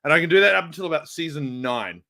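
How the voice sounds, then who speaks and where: A man chatting casually as co-host of a streamed podcast, an animated storyteller who laughs often. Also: on the high side, fast, gravelly. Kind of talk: casual chat.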